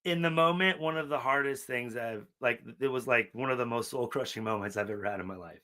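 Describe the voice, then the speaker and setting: A middle-aged man on a podcast, talking casually and emotionally, swearing often and acting out quotes loudly. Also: mid-range voice, brisk. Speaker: podcast co-host.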